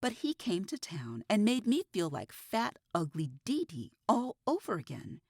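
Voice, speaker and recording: A woman voicing a calm, menacing female killer who talks with a husky voice and breaks into bitter, wide-ranging outbursts in a storybook reading. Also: medium pitch, moderate pace, no echo, clean studio sound, heavily acted.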